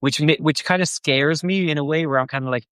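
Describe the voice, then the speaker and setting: A man hosting a casual show discussion, rambling with many fillers and quick mock quotes. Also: fairly high pitch, a bit bright, clean tone, no echo. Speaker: podcast host.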